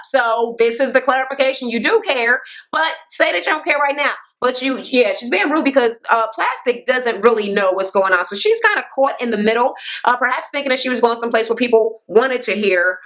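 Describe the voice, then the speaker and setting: A woman giving a loose, animated, profane recap of a reality TV episode, with lots of ums and uhs. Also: a little high, a little fast, hardly any pauses. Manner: animated, profane, jumps into quoting people. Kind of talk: casual recap commentary.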